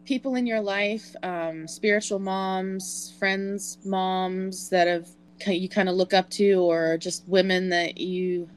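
A woman's voice: medium pitch, fairly even intonation, slow pace, few pauses, smooth, low-quality recording. A woman co-hosting a podcast, chatting casually and putting questions to the others with lots of fillers. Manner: asks questions with many fillers. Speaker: podcast co-host. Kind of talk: casual chat.

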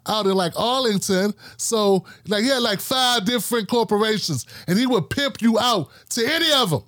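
Animated storytelling podcast host, man. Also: sits high, moderate pace, no room sound, clean studio sound. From Washington, D.C. area. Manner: animated, acts out quoted coworkers. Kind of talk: casual storytelling chat.

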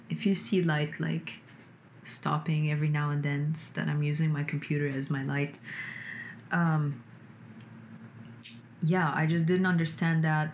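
Against a little hiss or hum, a low-pitched woman rambles casually about her emotions and personal growth in a vlog from a room lit by her computer, swearing, saying "like" a lot, and rising expressively.

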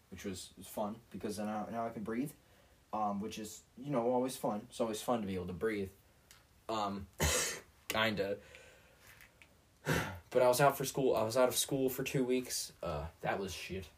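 A man's voice: on the low side, normal speed, pauses often, far from the mic. A teenage boy hosting a podcast, ranting in a rambling, sarcastic way with lots of fillers and restarts. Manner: sarcastic and self-mocking. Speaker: podcast host. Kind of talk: rambling solo rant.

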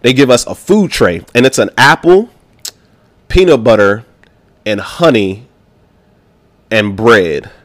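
A man from Baltimore, a podcast guest, telling a story in a slangy, animated way and acting out the voices of the people in it. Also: mid-range voice, slow, pauses often, no room sound. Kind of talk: casual storytelling.

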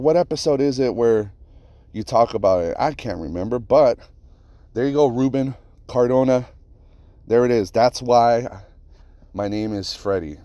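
A man hosting his own podcast, telling rambling, profane stories in a casual, animated way. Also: fairly low pitch, no room sound. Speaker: podcast host. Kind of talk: casual solo podcast storytelling.

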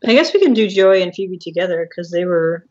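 A woman's voice: on the low side, lively intonation, brisk, darkish tone. Female podcast co-host, casual and chatty, slightly muffled mic. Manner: chatty, laughing, acts out quotes. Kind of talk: casual chat.

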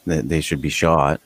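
Low-voiced, profane, rambling podcast co-host man. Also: creaky, a bit bright, breathy edge, dry recording. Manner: profane, rambling, laughing often. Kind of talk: casual chat.

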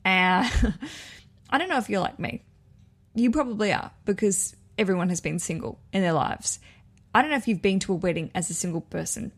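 A woman's voice: medium pitch, normal speed, husky. Chatty enthusiastic woman podcast host. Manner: chatty and enthusiastic, self-correcting asides. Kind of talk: casual podcast chat.

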